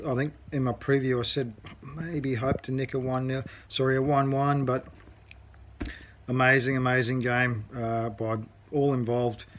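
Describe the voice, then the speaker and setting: A man's voice: mid-range voice, fairly bright tone, slight background noise. A man from Australia giving a rambling fan reaction to a football match, with many fillers. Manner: rambling, full of fillers and restarts. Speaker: fan contributor. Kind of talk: casual recorded fan reaction.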